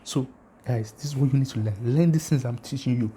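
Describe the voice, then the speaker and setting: A man with a mellow, warm tone and a medium pitch lectures his viewers on theology in a casual, argumentative way. He presses his points emphatically and challenges listeners with rhetorical questions. A faint noise sits under the recording. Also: a little fast. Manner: addresses viewers directly, asks for comments. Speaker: religious channel host.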